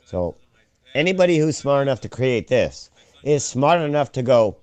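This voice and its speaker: A man hosting a profane conspiracy chat show, ranting and swearing, now and then shouting mockery. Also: mid-range voice, big pitch swings, normal speed, no room sound. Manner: ranting, swears a lot, swings loud and mocking.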